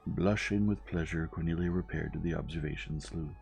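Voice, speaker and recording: A man narrating a story in a slow, gentle reading voice. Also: low-pitched, vocal fry, muffled recording. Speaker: audiobook reader. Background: soft music.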